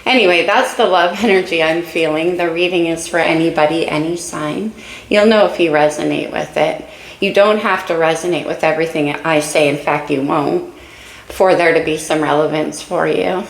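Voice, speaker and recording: A woman's voice: deep voice, normal speed, gravelly, reverberant, low-quality recording. A woman giving a casual spoken tarot reading, musing and speaking straight to her viewers while a little out of breath. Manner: dreamy, musing, talks to viewers directly. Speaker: tarot reader.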